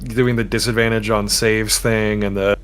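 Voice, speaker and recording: A man's voice: on the low side, little pitch movement, moderate pace. A man playing in a tabletop game, joking around and talking in character to the game master. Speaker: player. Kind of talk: casual tabletop play.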